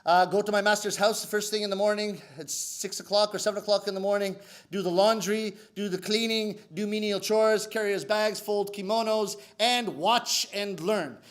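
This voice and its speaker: A man performing comic storytelling live, animated and theatrical as he speaks to the audience. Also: sits high, normal speed, faint music behind. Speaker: rakugo storyteller.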